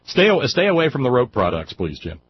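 A man's voice: medium pitch, very animated, brisk, breathy edge, no room sound, muffled recording. A man hosting a radio call-in show, chatting casually and joking reassuringly with a caller. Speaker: radio talk show host.

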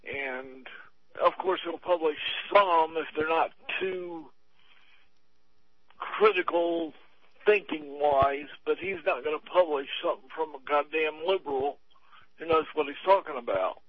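A man talking on a radio show, earnest and frustrated, pausing often with hesitations. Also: on the high side, no echo, dull audio. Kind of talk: talk radio chat.

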